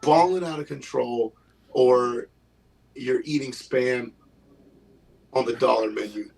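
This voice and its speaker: Husky guy comedian rambling through a cussing story, bit far from the mic. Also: medium pitch, takes it slowly, a little mellow. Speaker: stand-up comedian guest. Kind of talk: casual storytelling chat.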